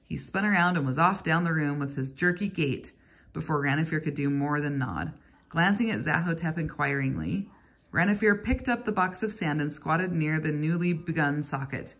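A woman reading a novel aloud in a steady, even storytelling manner. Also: low-pitched, moderate pace. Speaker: reader.

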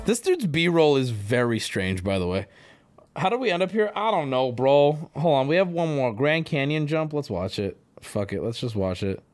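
A man streaming live, reacting to videos with loud, profane mock-rage rants broken up by mumbled asides. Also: mid-range voice, sing-song, normal speed, faint music behind. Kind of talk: casual live-stream commentary.

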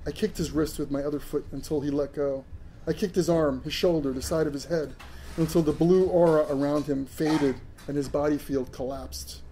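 A man's voice: on the high side, fairly even intonation, normal speed, mellow, slight background noise, rough recording. A man reading his own first-person science fiction story aloud, earnest, with occasional stumbles over words.

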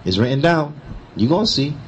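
Guy teaching a religious lesson, fast and a bit high, faint hum behind. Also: sing-song, rough recording. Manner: switches between recited Arabic and English explanation, emphatic and repetitive. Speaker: Islamic teacher. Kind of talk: lecture explaining a hadith.

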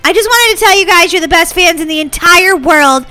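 Woman, very high voice, bright and sharp, bubbly and excitable, gaming commentary, faint music behind. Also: fairly quick. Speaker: gaming channel host. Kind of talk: playing a video game and commenting.

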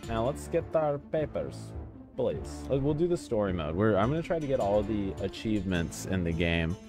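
Low-pitched male streamer, excitable joker, casual gameplay chatter over light background music. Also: moderate pace. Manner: excitable, joking, easily sidetracked. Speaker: gamer streamer. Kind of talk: casual let's-play commentary.

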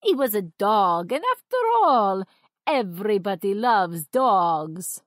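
Lady putting on a crazy loud guy scientist, storybook voice, slow and swoopy. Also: animated, no room sound, clean studio sound. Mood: excited, manic. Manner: loud, exclaiming, with big leaps in pitch. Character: frantic male mad scientist, loud and excitable. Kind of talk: storybook reading.

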